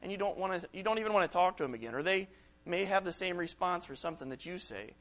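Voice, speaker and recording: A man's voice: high-pitched, expressive, quick pace, fairly bright tone. A middle-aged man preaching a sermon to young people at a camp, in a conversational way, acting out the quoted texts and reactions he describes.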